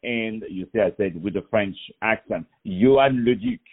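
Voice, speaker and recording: A man's voice: on the low side, steady tone, moderate pace, phone-quality sound. A man hosting a radio interview, effusive and full of repeated praise. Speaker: radio host. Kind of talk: enthusiastic interview.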